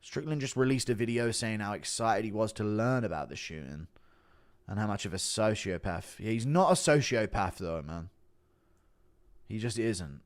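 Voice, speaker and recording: A man's voice: on the low side, expressive, moderate pace. A man hosting a livestream, talking bluntly to his chat and reading donations. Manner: blunt, profane, talks to chat. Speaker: livestream host. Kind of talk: livestream commentary.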